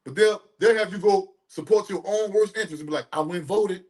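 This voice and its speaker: A man's voice: sits high, fast. A man co-hosting a podcast, talking casually in street slang and reading out comments from a live chat. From Detroit. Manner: streetwise slang, laid-back banter. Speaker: podcast co-host.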